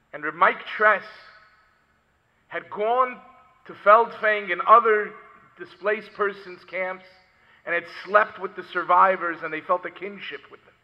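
A man delivering a sermon through a story, moving dramatically between hushed and impassioned speech. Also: high-pitched. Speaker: preacher. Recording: dull lo-fi recording in a reverberant hall.

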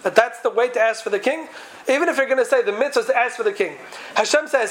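High-voiced man teaching a Torah class. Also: quick pace, fairly bright tone, poor audio. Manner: questioning, sing-song study cadence mixing Hebrew terms. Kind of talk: Talmudic lecture to a class.

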